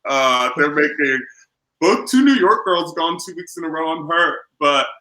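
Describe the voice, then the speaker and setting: A man's voice: fairly high pitch, moderate pace, sharp tone. A man hosting a casual chat on a video call, campy, with lots of filler uhs and casual swearing. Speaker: podcast host. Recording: echoey room.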